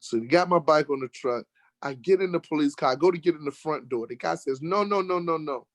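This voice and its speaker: An American man telling a lively road-trip story in casual conversation, getting worked up when he acts out arguments. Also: a little high, quick pace, no echo. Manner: animated storyteller, rising sharply when acting out arguments. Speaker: guest telling a travel story. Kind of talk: casual storytelling in an online talk show.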